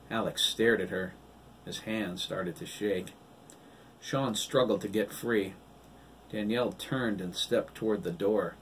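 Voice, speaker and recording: Slow, low-voiced male audiobook narrator. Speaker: author reading his novel. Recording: distant mic, faint hiss.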